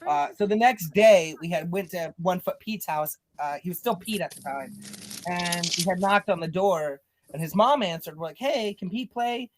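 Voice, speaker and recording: A young man from the American South spins outrageous childhood stories with a shrug in his voice, as if nothing in them were unusual. His talk is relaxed and matter-of-fact, broken by easy laughs, over a faint noise floor. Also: high voice, normal speed. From Southern US, North Carolina. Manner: nonchalant, deadpan storytelling with laughs. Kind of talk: casual storytelling chat.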